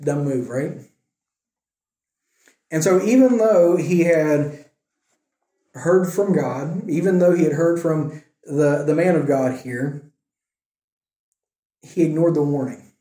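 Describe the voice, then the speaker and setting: A man teaching a Bible passage in a relaxed, conversational way, retelling scripture in everyday speech and often checking in with "right?". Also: on the high side, slow, long pauses. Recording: echoey room.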